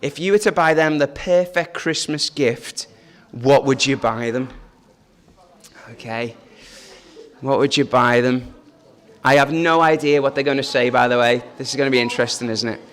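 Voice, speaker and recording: A man's voice: mid-range voice, moderate pace, fairly bright tone. A man leading a family church service, talking in a chatty, joking way and asking the children questions. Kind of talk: informal family service talk.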